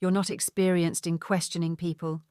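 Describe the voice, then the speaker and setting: A woman's voice: lowish voice, little pitch movement, moderate pace, warm tone, clean tone, no echo, studio quality, natural voice. A woman voicing a stern middle-aged man, a former police detective, who speaks firmly and in clipped sentences. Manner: firm and clipped.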